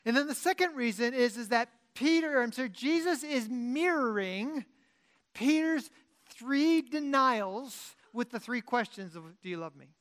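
A pastor delivering a sermon as an informal teaching talk. The voice swings from loud, pressing emphasis down to quiet, low-key asides. Sentences often restart and get corrected mid-thought. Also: lively intonation, a little slow.

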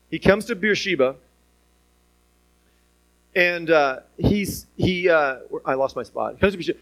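A man preaching a sermon in an animated way, asking the listeners rhetorical questions and chuckling now and then. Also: sits high, measured pace, rough recording.

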